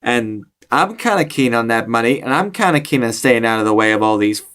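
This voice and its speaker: A man's voice: mid-range voice, expressive, brisk, a bit bright. A man in an attempted Irish accent, playing a tabletop game in character and rambling on with many fillers as he pleads with the group. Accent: attempted Irish accent for his character. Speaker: player.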